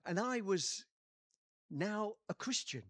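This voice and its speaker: Older English pastor, lively preaching voice. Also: male voice, high-pitched, slow, no echo, clean studio sound. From England. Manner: storytelling preacher, swings from quiet to loud. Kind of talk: sermon.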